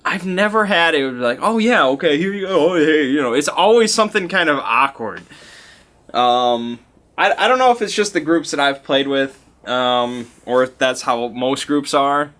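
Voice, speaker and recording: A man's voice: mid-range voice, lively intonation, a little slow, a bit bright. A man casually recapping a tabletop game session, rambling, with many fillers and chuckling asides.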